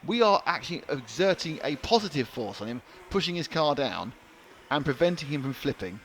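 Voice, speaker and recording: A man's voice: on the high side, very animated, brisk, a bit bright. Chatty man commentating a race. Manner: chatty, joking banter. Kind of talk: live commentary. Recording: light background noise.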